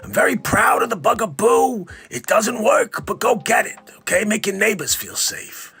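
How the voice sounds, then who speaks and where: A fussy older health official, loud and emphatic, sometimes near shouting, as a man does the bit. Pitched a bit above the performer's usual voice. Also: big pitch swings, normal speed, vocal fry, husky, soft background music, full character voice. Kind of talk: comedic impression.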